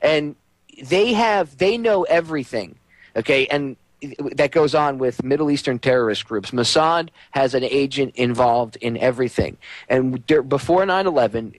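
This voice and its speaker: A man's voice: medium pitch, lively intonation, normal speed, no room sound. A man hosting a radio show, talking in a rambling, conversational way with frequent stammers. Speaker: radio host. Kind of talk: casual talk radio chat.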